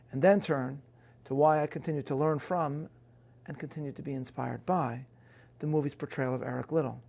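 A man's voice: on the high side, vocal fry, a little mellow, husky. A man giving a prepared talk on faith to an audience, earnest and building emphasis, with a few self-deprecating asides.

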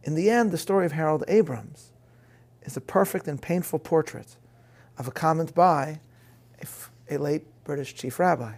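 A man's voice: fairly high pitch, normal speed, a little mellow. A man giving a prepared talk on faith to an audience, earnest and building emphasis, with a few self-deprecating asides.

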